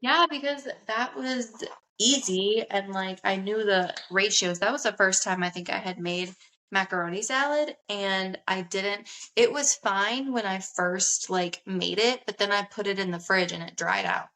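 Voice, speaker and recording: A woman's voice: medium pitch, steady tone, a little slow, bright, forceful tone, a little hiss or hum, low-quality recording. A young woman co-hosting a podcast, chatting casually with frequent laughter and poking fun at herself. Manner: laughs often, chatty and self-mocking. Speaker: podcast co-host. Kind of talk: casual chat.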